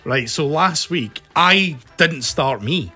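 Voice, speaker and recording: Bright, lively Scottish podcast host. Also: male voice, a little high, slow, breathy edge, soft background music. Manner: teasing, wry, runs the segments. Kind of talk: casual studio banter.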